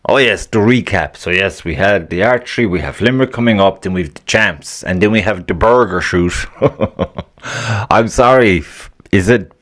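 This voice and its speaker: A deep-voiced man hosts a solo podcast in a loose, rambling rant. He swears constantly, grumbles with open annoyance, and chuckles at his own jokes between thoughts. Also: normal speed, a bit bright. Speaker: podcast host.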